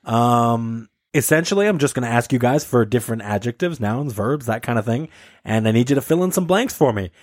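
A man hosting a casual group podcast, upbeat and animated as he runs a word game with friends. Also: medium pitch, fairly quick, no room sound, studio quality. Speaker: podcast host.

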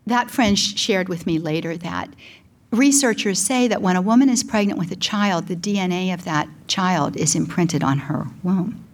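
A woman's voice: fairly low pitch, normal speed. A middle-aged woman, a Christian speaker, telling a personal testimony in an earnest, emotional storytelling manner.

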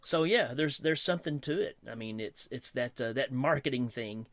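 A man's voice: mid-range voice, normal speed, a bit bright, no room sound. A man talking enthusiastically in a casual conversation, laughing easily. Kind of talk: casual fan chat.

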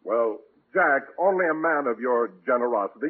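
A man's voice: mid-range voice, sing-song, a little fast, few pauses, husky. Pompous, stubborn announcer man. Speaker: show announcer. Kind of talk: 1940s radio comedy. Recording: tinny 1940s radio broadcast.

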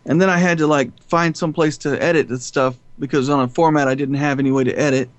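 A man telling stories in an interview, animated and profane, often laughing. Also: on the high side, fast, no room sound. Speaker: filmmaker guest. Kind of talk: storytelling interview.

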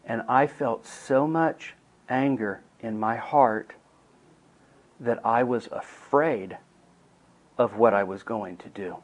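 A middle-aged man giving a teaching talk to counselors, telling a family story in an earnest way that moves from hushed to emphatic. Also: medium pitch, slow pace, long pauses, low-quality recording.

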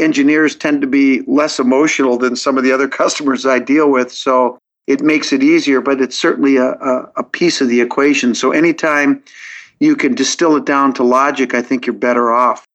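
Brisk and a bit bright, his medium-pitched voice stays fairly even. As an interview guest on a podcast, he tells things earnestly and logically, walking through each step of his reasoning and often restarting mid-sentence. The recording sounds dull and lo-fi.

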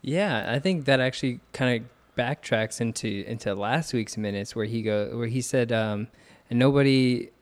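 A man hosting a casual podcast, chatting with co-hosts and wrapping up the show with a quick sign-off. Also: mid-range voice. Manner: relaxed, wraps up with quick sign-off. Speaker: podcast host.

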